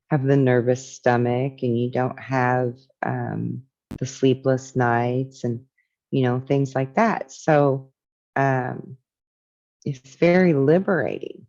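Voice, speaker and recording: Slow, reflective spiritual talker. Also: medium pitch, darkish tone, lo-fi sound. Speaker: spiritual teacher. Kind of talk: casual spiritual talk, reading from a book.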